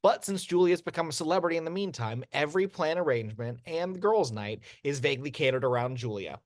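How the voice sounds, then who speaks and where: A man's voice: fairly high pitch, fast talker, dry recording. Man reading screenplay directions, dry sound. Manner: steady reading with occasional stumbles and restarts. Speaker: narrator. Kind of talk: reading screenplay action lines.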